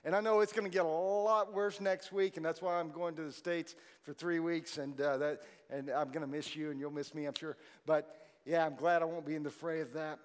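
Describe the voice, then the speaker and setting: A pastor with a high voice preaches to his congregation in a relaxed, chatty way, dropping in jokes as he goes. His voice rings with the long reverb of a church hall. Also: brisk, hardly any pauses, clean tone. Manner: conversational, joking asides to the congregation. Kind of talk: sermon.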